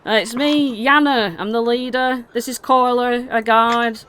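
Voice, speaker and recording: A woman's voice: a little high, steady tone, a little slow, fairly bright tone, smooth, pitched above the performer's own voice. A woman voicing a standoffish female clan leader who talks in a blunt, sardonic way. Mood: grudging.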